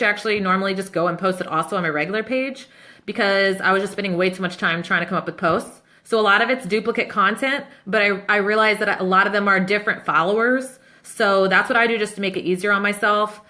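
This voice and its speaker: A woman in her thirties, a business coach answering questions in a casual live Q&A, chatty and upbeat and quick to laugh. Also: medium pitch, bright, forceful tone. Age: 30s.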